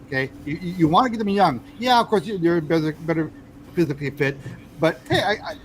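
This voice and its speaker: A man's voice: on the high side, sing-song, slight background noise, low-quality recording. A man talking as a podcast guest in casual conversation, often stumbling and repeating words while he works toward his point. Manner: halting, repeats words and restarts.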